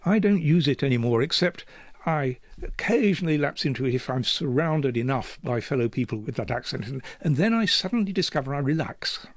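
This interview guest, a man in his seventies from Yorkshire, has an expressive, medium-pitched voice with no room sound around it. His reflective, conversational answers come out thoughtful and measured, with the odd restart.

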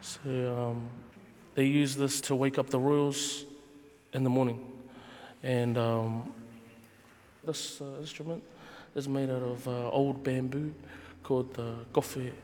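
A man from Tonga, a nose flute player, calmly explaining his instrument in an interview with lots of ums and uhs. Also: mid-range voice, slow pace. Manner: calm, explaining with many fillers. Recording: echoey with clear background noise.

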